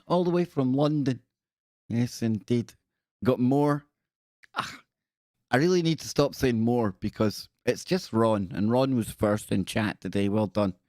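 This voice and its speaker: A man's voice: lowish voice, a little mellow, dry recording, studio quality. A man hosting a live stream in a casual, chatty way, greeting viewers by name and making joking asides. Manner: jokey, self-deprecating asides.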